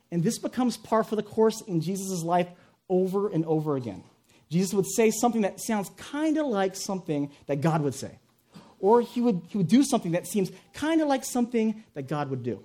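A male pastor delivering a sermon in a relaxed, wry, conversational way, dropping in asides as he goes. His voice sits a touch high and moves around a great deal. The tone is warm and dark rather than bright. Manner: conversational, wry preaching with asides and joke-telling.

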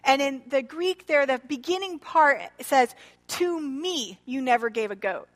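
A woman preaching a sermon in a church, retelling a parable expressively and acting out the quoted lines. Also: unhurried. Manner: expressive, acts out quoted speech with shifting pitch and loudness. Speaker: pastor.

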